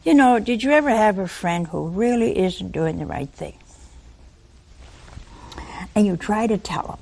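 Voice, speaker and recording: Lively slow-talking older woman preaching. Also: mid-range voice, creaky. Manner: lively storytelling, acts out voices, asks listeners questions. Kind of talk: sermon.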